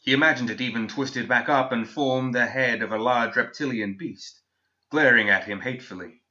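A man works through a fantasy story aloud, his medium-pitched voice measured and unwavering. It's scripted narration captured on a dull, low-fidelity recording.

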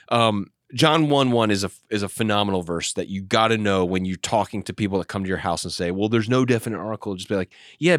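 Pastor, male, low voice, dry close mic, earnest teaching tone with frequent restarts. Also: no echo. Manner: explanatory, animated, with frequent restarts. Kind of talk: teaching discussion.

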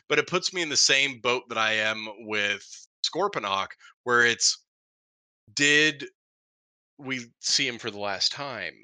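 A man co-hosting a podcast in casual chat, telling stories with animated, playful energy. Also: medium pitch, no room sound. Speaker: podcast co-host.

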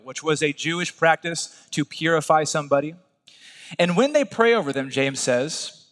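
A man preaching a sermon as pastor in a relaxed, conversational, folksy way, often checking in with his listeners. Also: fairly high pitch, normal speed, big-room sound.

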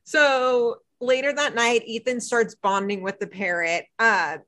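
A woman co-hosting a casual podcast, retelling a TV episode in animated chat and acting out the dialogue. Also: fairly high pitch, unhurried. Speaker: podcast co-host.

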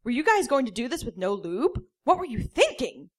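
A woman's voice: on the high side, big pitch swings, moderate pace, husky, voice pushed up. A woman reading aloud and putting on a fussy, flustered man who scolds and sounds hurt. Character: flustered uptight dad-type man.

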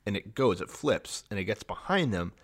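Low-voiced sarcastic podcast host. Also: male voice, sing-song, normal speed. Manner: sarcastic, acts out characters in big voices. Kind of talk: casual comedic chat.

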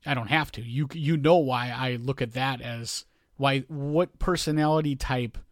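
A man co-hosts a podcast in relaxed, meandering talk. He circles and restarts as he searches for his point, in a mid-range voice. The sound is close and dry, with no room around it. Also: mid-range voice, dry recording. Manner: rambling, restarts often, pauses to find words. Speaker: podcast co-host. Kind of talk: casual chat.

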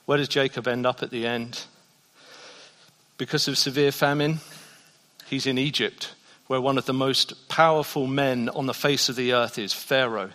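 A man delivers a sermon from a church. He is a pastor who swings between quiet, intimate passages and loud, emphatic peaks. His voice carries a long reverb from the hall around him. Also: mid-range voice, steady tone, normal speed.

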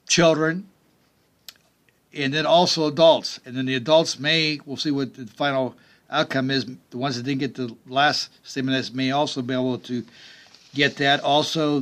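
A man's voice: mid-range voice, fairly bright tone. A middle-aged man hosting a political talk radio show, delivering emphatic commentary with sarcastic, mocking asides.

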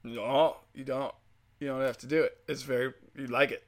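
Solo podcast host, male, foul-mouthed sarcastic ranter, mid pitch, bright edge. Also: level tone, normal speed. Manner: crude, ranting, sarcastic, mocking voices.

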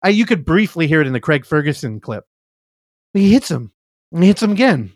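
Animated, swearing male podcast storyteller. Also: a little high, brisk, dry recording, studio quality. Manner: animated storyteller, acts out quotes, swears freely. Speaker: podcast co-host. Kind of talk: casual chat.

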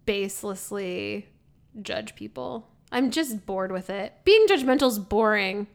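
A woman's voice: mid-range voice, lively intonation, unhurried, gravelly. A woman co-hosting a podcast in casual chat, playful and giggly, teasing her friend. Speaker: podcast co-host.

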